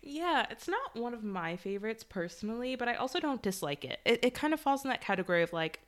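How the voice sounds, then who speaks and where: A woman's voice: on the high side, very animated, fast talker. A woman co-hosting a podcast in casual chat, breezy and joking, swearing casually. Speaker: podcast co-host.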